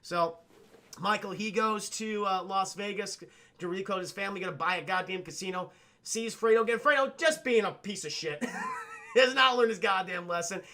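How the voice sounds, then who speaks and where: A high-pitched man talks to his livestream chat, retelling a film scene by scene. His voice is bright and forceful, and he rambles in a profane, animated way with quick asides to his viewers. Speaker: streamer reviewing a film with chat.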